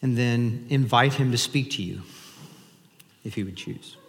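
A man's voice: mid-range voice, a little slow, vocal fry, long reverb tail. A man preaching a sermon as pastor in a casual, conversational way, inviting the congregation to join in.

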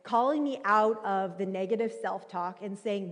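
A woman in her thirties preaching a sermon, telling a personal story in a conversational, animated way with many fillers. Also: mid-range voice, normal speed. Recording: reverberant hall.

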